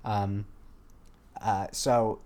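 This young podcast co-host speaks very slowly in a lowish, mellow voice with little pitch movement. He chats casually and meanders, often restarting and using fillers.

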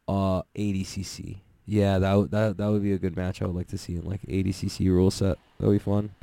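A young man casually recapping events in a rambling, excitable way, swearing and laughing often. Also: deep voice, fairly quick, gravelly, no room sound. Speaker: podcast host recapping jiu-jitsu events.

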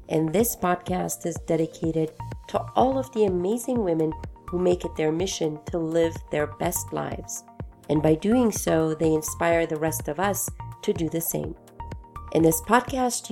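Woman podcast host from Afghanistan, low and a bit gravelly, folksy and enthusiastic, faint music bed. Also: dark tone. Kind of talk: podcast introduction monologue.

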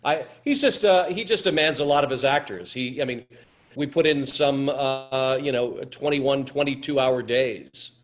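Man, actor guest, interview chat, halting, repeated words, average pitch.

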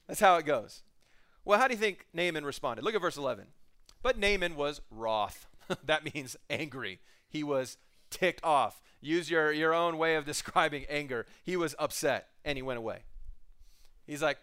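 Man, middle-aged, pastor, sermon, joking storyteller, high pitch, bright clear voice. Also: expressive, normal speed. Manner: casual, joking storyteller who acts out scenes.

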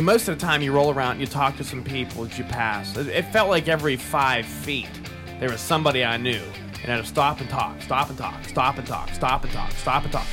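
A young man, hosting a casual podcast chat, rambling, swearing and laughing often. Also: mid-range voice.

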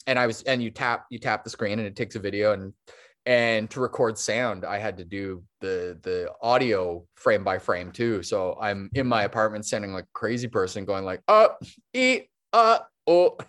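A man's voice: lowish voice, fairly even intonation, moderate pace, fairly bright tone. A man talking as a guest on a podcast interview, rambling and restarting his sentences, laughing easily. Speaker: guest, stop-motion animator.

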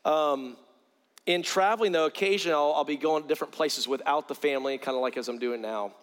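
A middle-aged evangelist from South Carolina preaches a story-filled sermon, earnestly repeating words as he builds his point. His fairly high voice moves quickly, and the recording has long hall reverb.

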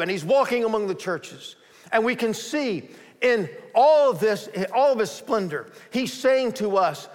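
A man preaching a sermon as pastor, rising to forceful emphasis and sinking low and quiet to voice a doubter. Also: very animated, unhurried, long reverb tail.

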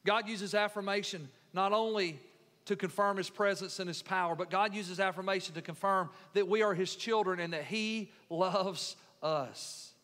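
A man preaching a sermon, building emphasis and then dropping into soft, tender lines. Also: high voice, fairly even intonation, moderate pace, in a large hall. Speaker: pastor.

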